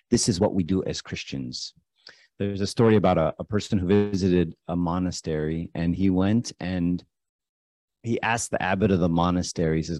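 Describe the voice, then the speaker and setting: A man's voice: low-pitched, steady tone, moderate pace, darkish tone, no room sound. A man preaching a casual, conversational sermon, often asking his listeners questions. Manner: conversational, asks the audience questions.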